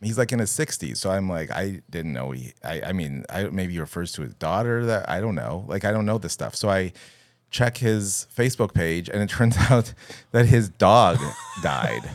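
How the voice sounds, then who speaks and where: A man telling a story in casual podcast chat, animated and laughing as he goes. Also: sits low, normal speed, no room sound. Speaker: podcast producer.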